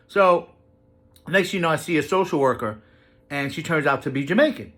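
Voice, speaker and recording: Guy telling a crazy story to camera, voice swinging all over, kinda high, swears a lot. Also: moderate pace. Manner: animated, profane, jumps pitch for emphasis. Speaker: vlogger telling a personal story. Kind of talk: casual storytelling.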